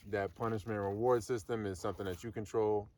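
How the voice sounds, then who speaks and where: A man with a low voice rambles thoughtfully, full of fillers and restarts, his sentences fading off softly. He sits some way back from the microphone, so the sound sits a little distant. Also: fairly even intonation. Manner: halting, many fillers and restarts, trails off softly. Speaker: Latin lesson co-host. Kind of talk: rambling philosophical talk.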